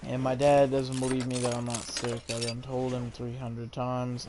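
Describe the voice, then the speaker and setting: A man with a sore, hoarse throat gives blunt, offhand commentary while working in a car repair shop. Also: medium pitch, monotone, moderate pace, noisy background. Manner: blunt, offhand, mildly swearing. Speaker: vlogger. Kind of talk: casual running commentary.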